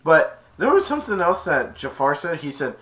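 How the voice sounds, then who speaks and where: A man's voice: fairly high pitch, very animated, normal speed, fairly bright tone. Rambling man retelling a film. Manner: rambling, lots of "and then". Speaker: film reviewer. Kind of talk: casual film review, retelling the plot.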